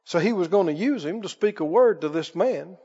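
Man, preacher, sermon, very high voice, dramatic storytelling, rhetorical questions, church reverb, muffled recording. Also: lively intonation, fairly quick, warm tone, husky.

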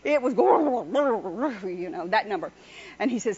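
High-voiced woman preaching folksily. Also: expressive, measured pace, darkish tone, slightly rough. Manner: chatty, exhorting, laughs often. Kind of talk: folksy sermon with personal stories. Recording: dull lo-fi recording.

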